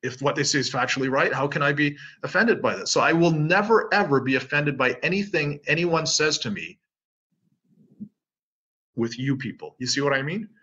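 A middle-aged man from Canada talks through his stories in a casual interview, acting out both sides of each conversation. His voice is bright with a slightly husky edge. The recording sounds dull and lo-fi. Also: a little high, moderate pace. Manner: animated storyteller, acts out both sides of conversations. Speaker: interview guest. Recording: dull lo-fi audio.

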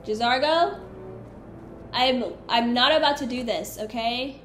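A woman's voice: on the high side, slow pace, a bit bright, reverberant, a little hiss or hum. A woman giving chatty, easily exasperated let's-play commentary while she plays. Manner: chatty, easily exasperated, talks to her companion. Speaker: gaming streamer.

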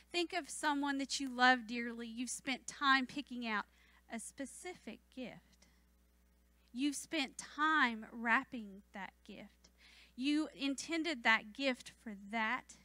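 A woman preaching a sermon in church, fervent and building to emphatic declarations, then softening into gentle storytelling. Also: high-pitched, no echo. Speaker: church speaker.

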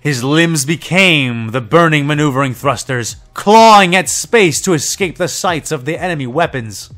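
Male narrator, higher voice, steady reading. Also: normal speed, faint music behind. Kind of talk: audiobook-style story reading.

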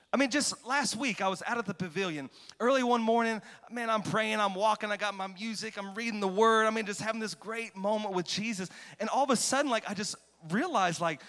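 Brief: pastor, man, high voice, fervent sermon delivery, echoing sanctuary. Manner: passionate, swings from quiet to shouting. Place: large church hall. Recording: long hall reverb.

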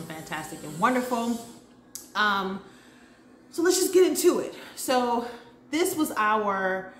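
A woman's voice: mid-range voice, slight background noise. Chatty woman recapping a show, roomy sound. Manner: chatty, enthusiastic, lively slang. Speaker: TV recap vlogger. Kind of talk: casual chat. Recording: roomy echo.

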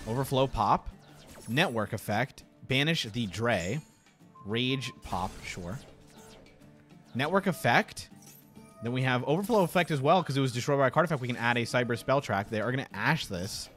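A man casually commentating card game replays, excitable and quick to burst into laughter. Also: medium pitch. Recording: faint background music.

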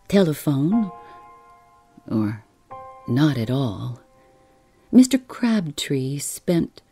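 A woman reading a relaxing bedtime story aloud in a soft, unhurried, soothing way. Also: low voice.

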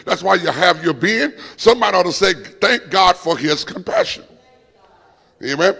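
Male pastor, gravelly and fairly high-pitched, call-and-response Bible study preaching, long church reverb. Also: animated, normal speed, fairly bright tone. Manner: call-and-response preaching, asks the room to fill in words.

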